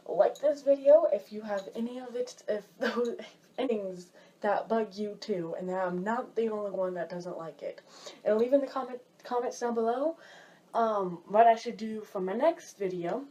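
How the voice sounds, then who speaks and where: A woman talking casually to camera in a vlog, animated, jumping high when she mimics people and dropping low for asides. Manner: drops low and quiet for asides. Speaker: vlogger.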